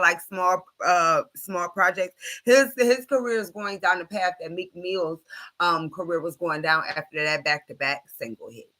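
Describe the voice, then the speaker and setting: Streamer host, woman, bright forceful tone, blunt profane rant. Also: on the low side, low-quality recording. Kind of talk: late-night live stream commentary.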